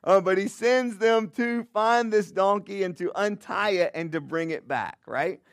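A man's voice: high voice, unhurried, creaky, dry recording, studio quality. A man, a pastor, giving a sermon in a conversational way with frequent "all right?" and "okay?" asides, and praying earnestly. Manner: earnest prayer.

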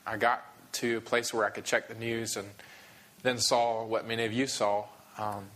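Emotional pastor with a bright voice. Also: male voice, lowish voice, level tone. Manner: emotional, halting, frequent restarts. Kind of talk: sermon.

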